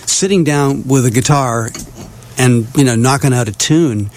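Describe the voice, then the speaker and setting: A man's voice: mid-range voice, measured pace, a little mellow, a little hiss or hum. A man co-hosting a radio show, chatting about music in a thoughtful, easygoing way with frequent fillers. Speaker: radio co-host. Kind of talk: casual music talk.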